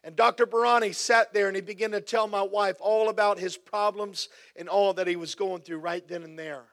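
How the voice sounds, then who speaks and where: Fervent high-voiced male preacher. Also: fairly even intonation, a little fast, a bit bright. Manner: fervent, repetitive preaching cadence. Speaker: pastor. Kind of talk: sermon with prayer.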